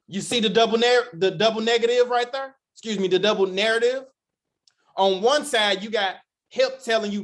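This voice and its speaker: A man with a fairly high voice hosts the call and delivers an emphatic motivational message. He speaks like a preacher, driving his points home with rhetorical questions. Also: normal speed. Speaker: host. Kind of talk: motivational group talk.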